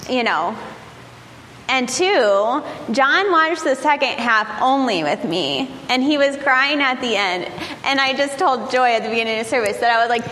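A woman's voice: fairly high pitch, lively intonation, a little slow, pushed and bright. A woman in her forties, a pastor giving a conversational sermon at a church service, telling a candid story with frequent laughs and fillers. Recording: reverberant hall with faint noise.

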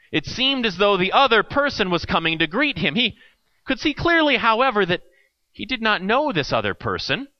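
A man narrates a parable in a measured, deliberate read, his fairly high voice moving lively up and down. The sound is dry and a little dull, with no room echo. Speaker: storyteller. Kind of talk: reading a parable aloud.

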